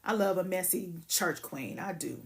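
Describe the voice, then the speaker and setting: A woman's voice: on the low side, moderate pace, vocal fry, slight background noise. A woman hosting a casual livestream, ranting bluntly and profanely and greeting viewers by name. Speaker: livestream host.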